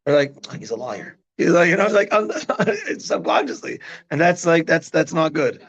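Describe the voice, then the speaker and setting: With a voice on the high side and a moderate pace, a man teaches parenting as a rabbi, talking in a relaxed, animated way and often checking in with his audience. It's a dull, lo-fi recording.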